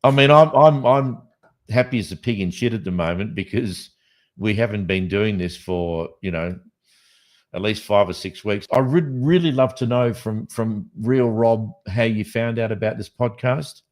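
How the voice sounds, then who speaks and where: An Australian man hosting a casual late-night podcast, rambling and joking as he thinks out loud. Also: fairly low pitch, normal speed. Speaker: podcast host.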